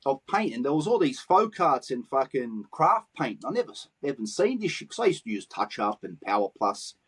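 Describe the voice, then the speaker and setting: A man's voice: mid-range voice, big pitch swings, normal speed, breathy edge, poor audio. A man with a Western Sydney Australian accent, telling stories in a casual interview and swearing freely in street slang. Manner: profane street slang, acts out quoted dialogue. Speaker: guest, graffiti artist.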